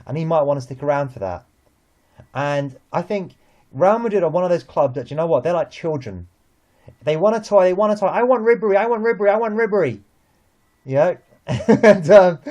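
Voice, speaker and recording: Uk guy, mellow tone, a bit high, excitable football chatter. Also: dull audio. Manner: animated, repeats himself when excited. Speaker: co-host. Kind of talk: casual football chat.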